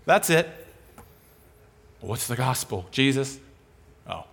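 A man preaching a sermon in an animated, conversational way, asking and answering his own rhetorical questions. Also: medium pitch, slow, creaky, husky.

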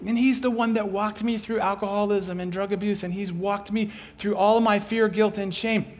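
A man voicing an excited, grateful adult woman who gushes out her good news. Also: medium pitch, normal speed, pitched above the performer's own voice, close to an everyday voice.

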